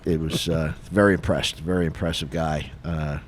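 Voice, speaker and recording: A middle-aged retired police officer co-hosting a podcast, telling a story in a lively, casual way and acting out the dialogue. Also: male voice, rumbling low, normal speed, a little hiss or hum. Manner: animated, acts out dialogue, frequent fillers.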